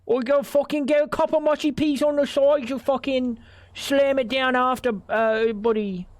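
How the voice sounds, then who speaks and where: A man's voice: very high voice, fairly even intonation, moderate pace, dry recording, voice pushed up. A man putting on a mock Australian accent to voice a crude, brash lad who swears a lot. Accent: put-on Australian. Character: crude loud lad mocking British food.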